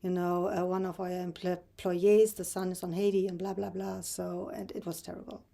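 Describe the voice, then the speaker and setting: A woman's voice: on the low side, flat delivery, vocal fry, warm tone. Lady in her 50s sharing her faith story, lots of ums and restarts, earnest. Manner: halting, with many fillers and restarts. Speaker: Christian vlogger. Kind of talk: personal faith testimony.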